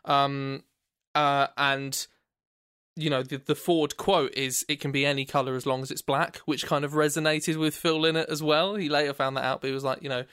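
A man's voice: fairly high pitch, little pitch movement, moderate pace, fairly bright tone, smooth, no echo, clean studio sound. A British man co-hosting a podcast, rambling enthusiastically about music in casual chat. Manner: rambling, enthusiastic, laughs often. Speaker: podcast co-host.

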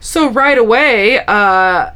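A woman's voice: on the high side, slow pace, smooth. Chatty woman recapping a sitcom. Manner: chatty, animated retelling with acted-out quotes. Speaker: podcast co-host. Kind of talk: casual chat recapping a sitcom.

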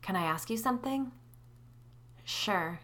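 A woman's voice: medium pitch, lively intonation, measured pace, a bit bright, pitched above the performer's own voice. A woman voicing an anxious, curious woman in an audio story, asking eager questions in a slightly raised voice.

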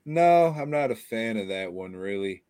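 A man's voice: fairly low pitch, lively intonation, moderate pace, dark tone, smooth, dry recording. A tired man co-hosting a podcast, ranting sarcastically and profanely about a bad movie in a rambling, casual way. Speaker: podcast co-host.

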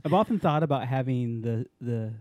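A man's voice: medium pitch, expressive, moderate pace, a little mellow, dry recording, studio quality. A man hosting a casual podcast, joking loosely and laughing often. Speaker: podcast host.

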